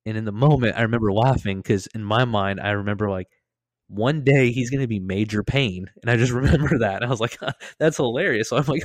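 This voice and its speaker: A man casually telling a story on a podcast, laughing, swearing and acting out loud shouted quotes. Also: a little fast, no echo. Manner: animated, acts out quoted voices with loud high shouts.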